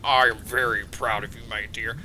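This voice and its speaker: A man's voice: fairly low pitch, steady tone, moderate pace, bright, forceful tone, a little hiss or hum. A man voicing a flustered, doting king who stammers over a princess daughter in a tabletop game.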